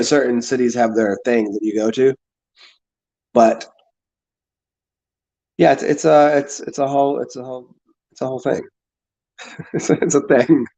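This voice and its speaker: A man chatting casually to his viewers, halting and repeating words, often restarting his sentences and swearing now and then. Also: mid-range voice, warm tone. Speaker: streamer answering chat. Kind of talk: casual rambling chat. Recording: dull lo-fi sound.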